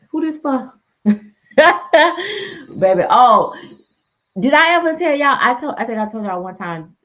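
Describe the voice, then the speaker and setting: Middle-aged woman, laughing storyteller on a live stream, lowish voice, dull lo-fi audio. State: sleepy. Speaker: reborn doll artist and live streamer. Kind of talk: casual live-stream chat.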